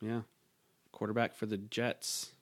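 A man's voice: lowish voice, flat delivery, unhurried, a little hiss or hum. A man co-hosting a podcast, telling rambling funny stories in casual chat, full of fillers and laughter. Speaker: podcast co-host.

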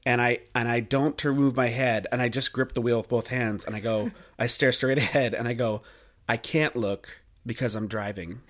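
A man co-hosting a podcast, telling a story in a casual, animated way and acting out quotes. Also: a little fast, few pauses. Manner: animated, acts out quotes in high voices. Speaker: podcast co-host.

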